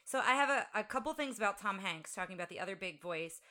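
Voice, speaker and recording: A woman's voice: mid-range voice, expressive, quick pace, sharp tone. A woman co-hosting a podcast, chatting casually and sharing movie trivia with frequent fillers. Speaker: podcast co-host.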